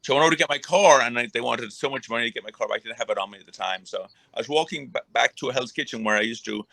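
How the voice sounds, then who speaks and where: A man's voice: mid-range voice, rapid-fire, vocal fry, sharp tone, no room sound. A middle-aged man, a retired boxer, rambling through a casual interview with many restarts and fillers. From Ireland.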